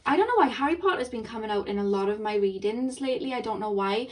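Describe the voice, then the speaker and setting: A young woman giving a chatty tarot reading, rambling and excitable, talking quickly. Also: a little high, distant mic, a little hiss or hum. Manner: excitable, rambling, talks fast. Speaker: tarot reader. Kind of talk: chatty intuitive card reading.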